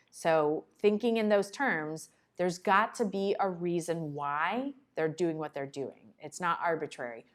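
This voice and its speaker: Lively woman presenting at a conference. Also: lowish voice. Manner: lively, conversational, acts out the child and parent in quick asides. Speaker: conference presenter on child behavior. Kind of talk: conference talk to parents. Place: conference room.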